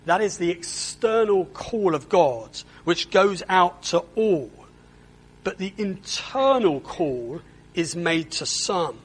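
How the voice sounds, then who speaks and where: A man's voice: high voice, animated, takes it slowly, breathy edge, poor audio. A man preaching a sermon in a church, earnest and often repeating words as he stresses a point.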